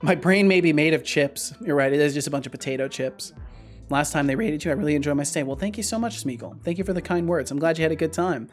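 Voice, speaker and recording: A man chatting casually on a livestream while he codes. He rambles and hesitates, then bursts into excited shouts. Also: on the high side, fast talker, faint music behind. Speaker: streamer and game developer.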